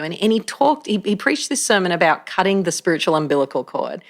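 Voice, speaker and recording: An animated woman pastor chats as a podcast guest, telling stories with plenty of laughter. She restarts her sentences often and keeps a loose, conversational flow. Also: medium pitch, fast, gravelly, few pauses. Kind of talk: casual conversational storytelling.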